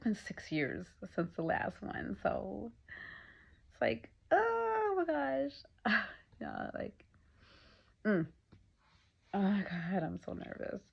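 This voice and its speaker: Gravelly-voiced pregnant woman vlogging casually. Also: lowish voice. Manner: chatty, laughs often, breathy asides. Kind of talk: casual chat. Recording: dull lo-fi sound.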